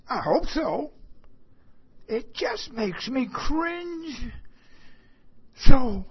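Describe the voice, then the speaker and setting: Slow, husky-voiced preacher telling a story. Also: sits high, lo-fi sound. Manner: slow, emphatic, repeats phrases for stress. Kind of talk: sermon told as a personal story.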